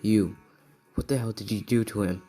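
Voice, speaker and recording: A man's voice: lowish voice, fairly even intonation, moderate pace, warm tone, husky, faint music behind. A man telling a fan story who speaks the lines of a brash, demanding teenage boy rival.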